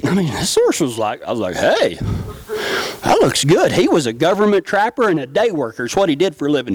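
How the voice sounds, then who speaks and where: A man's voice: a little high, husky, dry recording. Man, middle-aged, folksy stage storyteller, laughs often, dry close sound. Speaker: stage speaker. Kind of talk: humorous storytelling talk.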